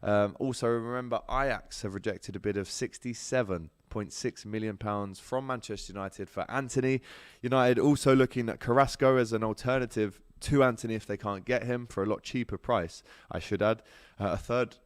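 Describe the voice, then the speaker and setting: A man's voice: on the low side, normal speed, smooth, dry recording. A male sports show host, chatting casually through football transfer news and viewer comments, with plenty of ums as he talks straight to his audience. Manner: chatty, lots of ums, addresses viewers directly.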